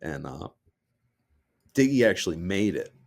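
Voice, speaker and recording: Deep-voiced man swearing through casual stories. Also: sing-song, measured pace, gravelly, a little mellow. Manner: swears freely, rambling heartfelt storytelling. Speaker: podcast co-host. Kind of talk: casual chat.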